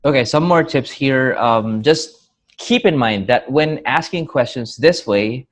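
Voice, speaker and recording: A man teaches an English grammar lesson in a clear, patient, expressive voice of medium pitch, speaking a little slowly. He acts out example questions with pronounced rises and falls in intonation.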